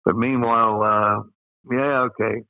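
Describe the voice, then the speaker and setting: An older man in his eighties from Australia tells rambling stories and chuckles as he goes. His low voice is gravelly with fry. It comes through a tinny, phone-like line with a dry sound. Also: steady tone, a little slow, no room sound. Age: 80s. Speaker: guest. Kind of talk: anecdotal storytelling.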